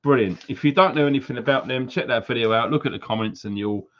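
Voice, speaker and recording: A man's voice: medium pitch, fast, a bit bright. A man hosting a live stream, reading out viewers' names and places in a chatty, jokey way and slipping into silly accents. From Wales. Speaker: livestream host. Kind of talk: casual live-stream shout-outs. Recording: slightly dull lo-fi stream audio.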